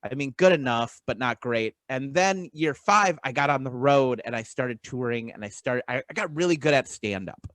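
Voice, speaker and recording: A man's voice: mid-range voice, moderate pace, few pauses, no echo, poor audio. A man in his thirties, a comedian guest, telling stories in a casual interview and acting out the voices in them. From west coast of the US. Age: 30s. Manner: animated storyteller acting out voices.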